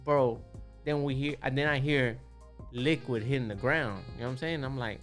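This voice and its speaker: A man's voice: mid-range voice, moderate pace, over music. A man, a tattoo artist, telling a story on a podcast in a laid-back, streetwise way, with a lot of "you know what I'm saying".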